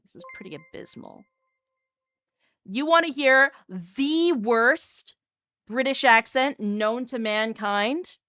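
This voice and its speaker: A woman VTuber chatting casually on a live stream, animated and self-mocking. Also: fairly high pitch, slow, no room sound, studio quality.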